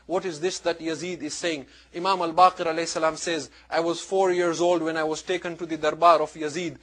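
A man giving a religious lecture, telling a story dramatically and swinging between hushed lines and loud pleading ones. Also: fairly high pitch, poor audio.

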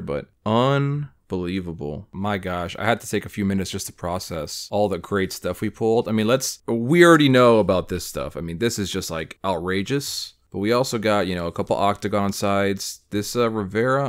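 A young man hosting a casual card-opening video, chatting through each pull and bursting into loud excitement over big hits. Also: on the low side. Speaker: card-collecting channel host. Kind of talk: casual pack-opening commentary.

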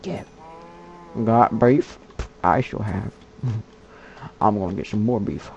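A man giving casual gameplay commentary in a put-on character voice, muttering, whispering and chatting to the animals on screen. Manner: puts on a slow, low, gravelly character voice. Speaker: gamer. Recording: dull lo-fi mic with faint hiss.

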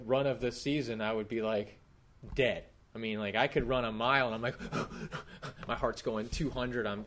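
Conversational male preacher. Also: medium pitch. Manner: conversational, animated, asks the congregation questions. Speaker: pastor. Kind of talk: sermon. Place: church hall.

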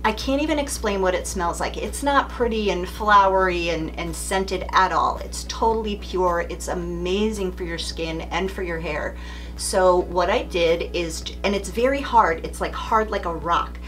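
A woman's voice: on the low side, normal speed, fairly bright tone, slight background noise. A middle-aged woman speaking as a beauty vlogger, telling a story in a chatty, candid way straight to the camera. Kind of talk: casual beauty vlog storytelling.

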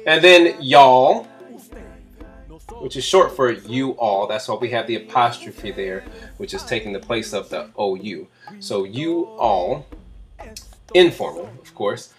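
A male teacher giving a slow, patient, step-by-step explanation in a classroom lesson. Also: fairly low pitch, animated, faint music behind. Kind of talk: classroom instruction.

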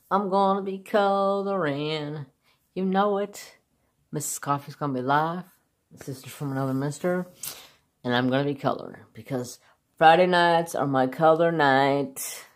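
A man's voice: a little high, a little slow, fairly bright tone. A man chatting casually and jokingly as he swatches markers for his craft vlog. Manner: chatty, joking, self-deprecating. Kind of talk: casual chat.

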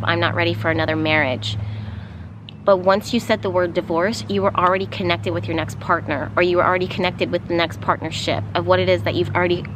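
Lower-voiced woman giving a spiritual reading outdoors. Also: background noise. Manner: meandering, with frequent fillers and soft laughs. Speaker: spiritual card reader. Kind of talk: casual channeled reading. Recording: outdoor ambience with passing vehicles. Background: outdoor ambience and vehicles.

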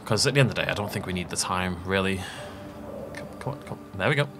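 A gaming channel host gives casual, jokey let's play commentary, rambling through asides and laughing a lot, with game music playing behind him. His low voice is lively and quick.

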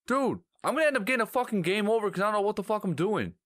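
A man's voice: high voice, lively intonation, very fast, a bit bright, no room sound. A man giving profane, flustered commentary while playing a video game, exclaiming at what happens on screen. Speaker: gaming channel host. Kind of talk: live gameplay commentary.

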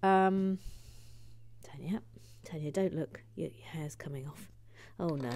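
A woman with a low voice chats casually while building, reading out viewer messages as she goes. Her tone is soft and self-deprecating. She slips into whispered asides, with plenty of "uh"s and restarts. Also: unhurried, noisy background. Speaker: livestream host.

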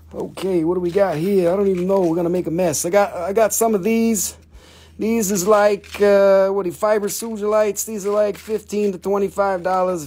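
A man's voice: on the high side, a little mellow. A man with an Appalachian accent hosting a live mineral sale, with rambling, joking, folksy patter. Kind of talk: casual live-stream sales patter.

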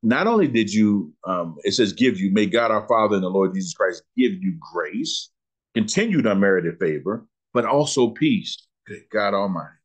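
Husky preaching man, drawl. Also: fairly low pitch, sing-song. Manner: preacherly, asks questions and answers them, slows down on scripture. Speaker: pastor teaching a Bible lesson. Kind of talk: sermon-style Bible teaching.

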